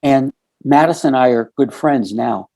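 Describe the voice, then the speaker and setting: A man's voice: mid-range voice, normal speed, vocal fry, mellow. A middle-aged man telling a story earnestly on a podcast, recounting conversations step by step and filling with "you know" and "um". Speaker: podcast guest. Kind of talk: casual storytelling.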